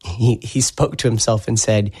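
A man's voice: on the low side, fairly even intonation, darkish tone, breathy edge. A man preaching a sermon, reading a psalm aloud, praying and then explaining it in an earnest manner. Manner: slow, earnest scripture reading and prayer. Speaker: pastor.

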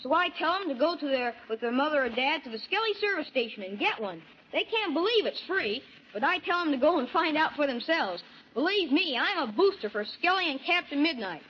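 High bouncy kid reading a fan letter, all excited, old dull radio sound. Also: female voice, a little fast. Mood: eager. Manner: eager, enthusiastic. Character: eager young boy fan writing a letter. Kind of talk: 1940s radio acting. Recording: dull old radio broadcast, faint hiss.

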